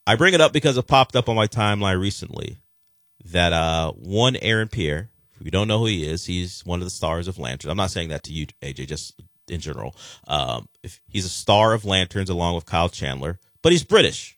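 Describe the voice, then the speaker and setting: A man's voice: low voice, animated, fairly quick, fairly bright tone, no echo, clean studio sound. A man hosting a sports talk radio show, chatting casually and rambling with frequent restarts.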